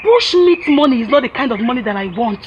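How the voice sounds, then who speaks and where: Scornful nigerian woman sick of being poor, high animated voice. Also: fast talker, slightly rough. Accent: Nigerian English. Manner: scornful, complaining. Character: fed-up young wife craving wealth. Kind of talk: film drama acting.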